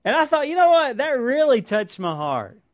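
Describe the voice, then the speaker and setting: A man's voice: very high voice, sing-song, normal speed. A man preaching a sermon, telling personal stories and asking the congregation questions. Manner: earnest storytelling, rhetorical questions to the congregation. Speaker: pastor.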